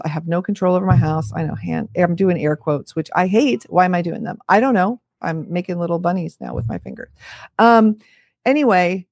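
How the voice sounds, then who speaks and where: A woman's voice: fairly low pitch, darkish tone, dry recording. Woman, fifties, parenting coach talking straight to listeners; chatty and frank with wry asides, dry close sound. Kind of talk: casual talk to camera.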